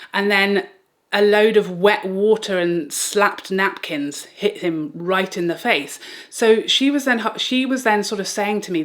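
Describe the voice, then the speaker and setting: A young woman vlogger telling a personal story in a dramatic, animated way and laughing as she talks. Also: mid-range voice. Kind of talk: storytelling chat.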